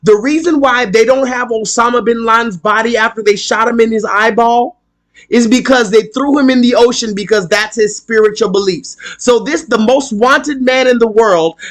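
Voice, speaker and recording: A man with a strikingly high-pitched voice holds forth on a live stream. He rants with heat and plenty of swearing, hammering his points again and again. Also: fairly bright tone. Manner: heated, profane, emphatic, repeats himself. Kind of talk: ranting live stream monologue.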